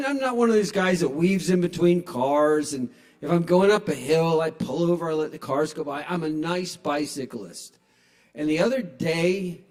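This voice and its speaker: A man works a small bar crowd through a stage microphone, playful and self-mocking. His voice sits high for a man. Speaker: stand-up comedian. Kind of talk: stand-up comedy set. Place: small bar at a live open mic. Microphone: handheld stage microphone.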